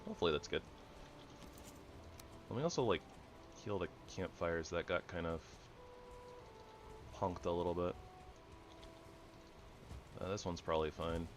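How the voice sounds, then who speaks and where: Male gamer with a deep voice, relaxed rambling commentary that keeps correcting itself. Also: a little slow, pauses often, noisy background. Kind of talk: casual gameplay commentary.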